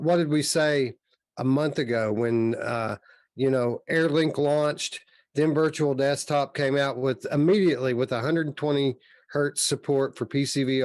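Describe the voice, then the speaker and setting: A man's voice: medium pitch, no room sound. A man with a mid-range voice, chatting as a podcast co-host. He gives firm opinions and lays out his reasoning at length. The recording is dry, with no room sound. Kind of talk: casual chat.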